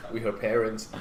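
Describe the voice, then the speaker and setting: A man chatting casually as a podcast guest, often pausing to search for words in English. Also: on the low side. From Taiwan. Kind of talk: casual chat. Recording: roomy echo, faint noise.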